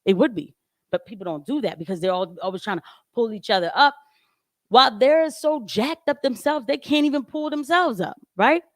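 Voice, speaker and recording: Animated woman on a home mic. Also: on the high side, fairly quick, dry recording, studio quality. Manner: animated, emphatic, laughs often. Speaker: commentator. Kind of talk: casual livestream commentary. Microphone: home microphone with audio trouble.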